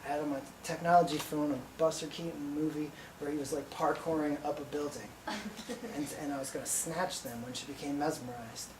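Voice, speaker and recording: A sleep-deprived man telling a rambling stand-up story in a deadpan way, recorded live in a small venue from a distance. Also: fairly high pitch, a little fast, noisy background. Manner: rambling, deadpan, breaks into laughter. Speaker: stand-up comedian. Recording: echoey room from far off.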